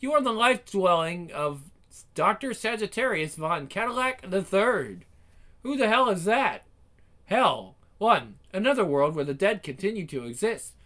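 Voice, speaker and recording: A man's voice: high-pitched, sing-song, unhurried, fairly bright tone, heavily acted. A man doing a fussy know-it-all little robot. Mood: pedantic. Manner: pedantic, reciting definitions.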